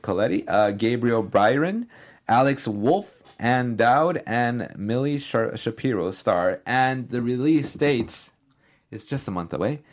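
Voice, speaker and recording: Young man, casual podcast host, enthusiastic rambling delivery, even middle pitch. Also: measured pace. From Southern California. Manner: chatty, filler-heavy, enthusiastic. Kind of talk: casual film news chat.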